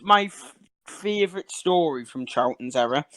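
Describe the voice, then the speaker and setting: A man's voice: high-pitched, expressive, moderate pace, fairly bright tone, no room sound. A Geordie man chatting casually on a podcast, laughing often and swearing freely. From England. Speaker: podcast host. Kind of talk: casual chat.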